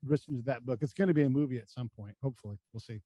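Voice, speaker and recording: A man's voice: medium pitch, rapid-fire, mellow, dry recording. Profane storytelling man, dry close sound. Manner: blunt, profane, acts out quoted dialogue in his stories. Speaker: podcast guest, former army combat spy. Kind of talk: casual storytelling chat.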